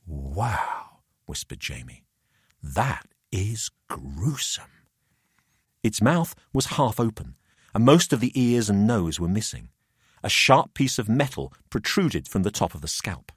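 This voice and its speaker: A man's voice: lowish voice, very animated, breathy edge, dry recording, clean studio sound. Man narrating a tale. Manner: measured storytelling. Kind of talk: audiobook narration.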